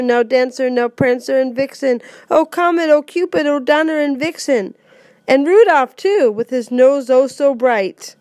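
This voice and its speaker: A woman hosting her own podcast in a playful, joking way, reciting a holiday poem with loud, animated emphasis. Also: high-pitched, no echo. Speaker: podcast host.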